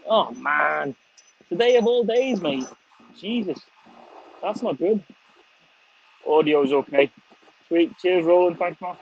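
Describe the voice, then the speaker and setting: A man's voice: a little high, expressive, slow, vocal fry, long pauses, slight background noise. Chatty, swearing Scouse man outdoors. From England. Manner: swears freely, chatty, thanks viewers by name. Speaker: vlogger. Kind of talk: casual outdoor livestream chat. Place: outdoors on a windy sunny day. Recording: slightly dull lo-fi stream audio.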